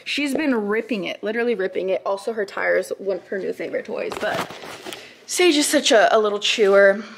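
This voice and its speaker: A woman's voice: mid-range voice, lively intonation, moderate pace, creaky. Woman chatting at home for her vlog, talks sweet to the puppy, echoey kitchen, bit of hiss. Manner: chatty, coos and gives commands to her puppy. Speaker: vlogger. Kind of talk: casual vlog chat.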